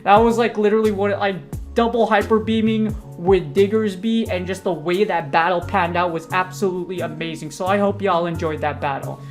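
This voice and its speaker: A woman's voice: lowish voice, a little fast, soft background music. A woman, a gaming content creator, giving hyped, slangy, joking commentary over her own battle gameplay.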